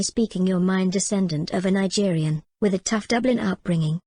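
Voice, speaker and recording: Woman narrator, audiobook reading, steady, clear, mid pitch, dry close mic. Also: brisk, dry recording. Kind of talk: scripted storybook narration.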